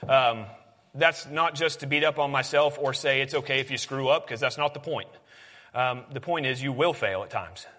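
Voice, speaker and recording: A man's voice: medium pitch, moderate pace, bright, forceful tone, big-room sound. A man preaching a sermon in an earnest, conversational way, often restarting his sentences.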